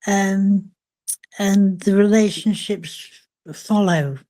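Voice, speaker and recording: An older woman, a memoir author, speaking reflectively in an interview, thoughtful and hesitant with frequent pauses. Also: medium pitch, steady tone, warm tone.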